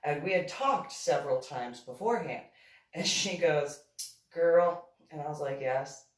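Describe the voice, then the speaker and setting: Her voice sits low and her pace is a little slow as this woman shares a personal story, casual and animated, with frequent laughter. Quoting herself, she becomes stern and scolding, and the sound is distant with a roomy echo.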